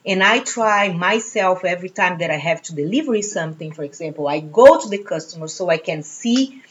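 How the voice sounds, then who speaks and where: A woman's voice: lowish voice, animated, fairly quick. A middle-aged woman from Brazil with a Brazilian Portuguese accent, talking chattily in an interview with self-deprecating humor. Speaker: franchise business owner. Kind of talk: casual interview. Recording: dull lo-fi sound.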